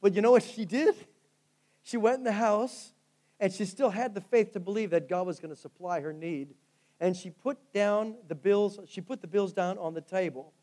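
Preaching at a moderate pace, the pastor has a high voice with a darkish tone. His storytelling is fervent, rising loud and then dropping back down.

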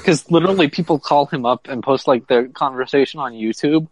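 A man co-hosting a casual podcast, chatting loosely, laughing often and slipping into gruff put-on voices. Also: medium pitch, a little fast, no echo, rough recording. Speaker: podcast co-host.

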